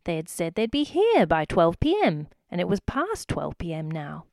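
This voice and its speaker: Expressive woman reading a children's story. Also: fairly low pitch, normal speed, vocal fry, dry recording, studio quality. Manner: expressive, addressing the listener.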